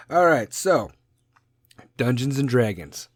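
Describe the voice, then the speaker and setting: A man's voice: mid-range voice, expressive, normal speed, no room sound, studio quality. A man in his forties with a Chicago accent, hosting a podcast in a profane, rambling, jokey rant. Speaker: podcast host. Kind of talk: casual rant.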